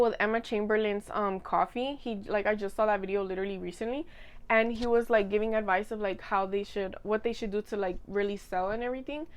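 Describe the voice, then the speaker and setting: A young woman in her twenties chatting casually to camera, rambling, giggling and teasing herself while she eats. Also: fairly high pitch. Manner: rambling, giggly, self-mocking. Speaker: vlogger. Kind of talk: casual chat.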